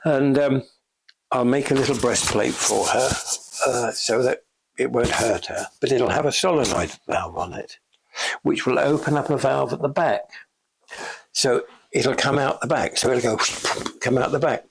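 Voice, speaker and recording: Medium-pitched, gravelly and husky, this older man speaks at a moderate pace. A special effects veteran interviewed in a shop, he chats through backstage anecdotes, laughing a lot and acting out quoted lines.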